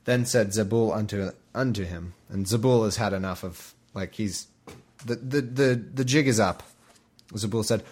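A man's voice: on the low side, normal speed, darkish tone, husky. A man hosting a podcast, reading scripture with jokey asides, rambling and wired on caffeine. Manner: rambling, self-interrupting, jokey. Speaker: podcast host.

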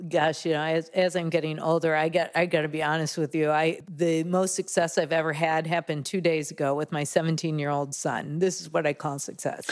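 Woman, forties, interview guest; candid, conversational, laughs through her stories. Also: fairly low pitch. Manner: candid, laughs often while telling stories. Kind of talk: casual interview talk.

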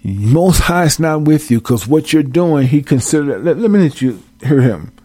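A man leading a casual online Bible study, reading verses aloud and talking to his viewers in a folksy, animated way. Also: fairly high pitch, moderate pace, slightly rough, no room sound. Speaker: Bible teacher.

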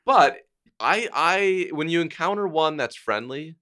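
Bright-toned man in casual podcast chat. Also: a little high, animated. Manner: halting, restarts, gives opinions. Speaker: podcast co-host.

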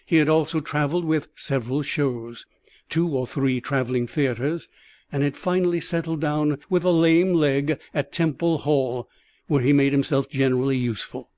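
A man's voice: fairly high pitch, normal speed, a little mellow, no echo. Man narrating an old novel. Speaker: audiobook reader. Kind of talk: first-person audiobook narration.

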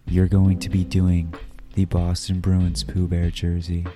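A man's voice: deep voice, completely flat delivery, a little slow, music in the background. A man co-hosting a podcast in casual chat, joking and playful as he hypes the segments. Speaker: podcast co-host.

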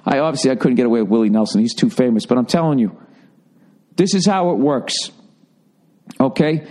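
A man's voice: mid-range voice, brisk, pauses often, a little mellow. A middle-aged man hosting his podcast, telling a rambling, profane comic story and mocking himself along the way. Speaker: comedian and podcast host.

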